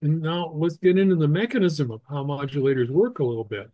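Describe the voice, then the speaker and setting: Halting man teaching a radio class. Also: on the high side, mellow, no room sound, lo-fi sound. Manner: halting, many restarts and fillers. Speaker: ham radio class instructor. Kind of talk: technical lecture over slides.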